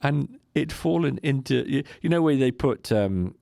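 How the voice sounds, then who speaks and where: A man telling a lively anecdote on a podcast, slipping into mimicked voices and laughing as he goes. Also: medium pitch, normal speed, gravelly, no room sound, studio quality. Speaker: podcast co-host. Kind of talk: casual storytelling chat.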